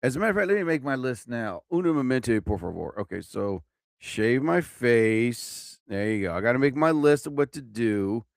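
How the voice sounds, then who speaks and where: A man's voice: mid-range voice, sing-song, moderate pace, vocal fry, no room sound, clean studio sound. A young man hosting a casual live-stream show, rambling and joking, swearing often as he fumbles with his sound effects. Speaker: host.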